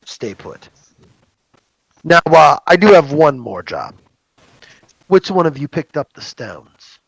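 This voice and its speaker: A man's voice: a little high, big pitch swings, takes it slowly, gravelly, fairly bright tone, dry recording, exaggerated voice, low-quality recording. A man voicing a blunt, plainspoken hired swordsman in a tabletop game. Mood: calm.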